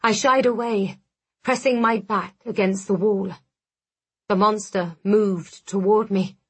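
Slow, breathy woman narrating a dark tale. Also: mid-range voice, steady tone. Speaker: audiobook narrator. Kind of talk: first-person scripted narration.

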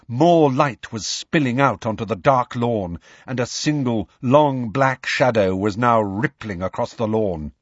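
A man narrating an audiobook in an expressive storytelling manner. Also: medium pitch, husky, no room sound, lo-fi sound. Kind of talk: scripted narration.

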